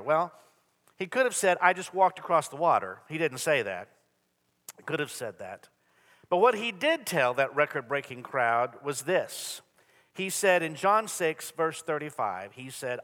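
A man's voice: a little high, animated, moderate pace, fairly bright tone. A man preaching a Sunday sermon, earnest and repetitive with dry humor, in a church. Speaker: pastor. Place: church sanctuary. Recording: long hall reverb.

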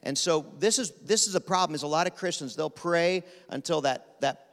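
A man from Pennsylvania, preaching a sermon as guest speaker in a quick, animated, rapid-fire way. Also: fairly high pitch. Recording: long reverb of a large hall.

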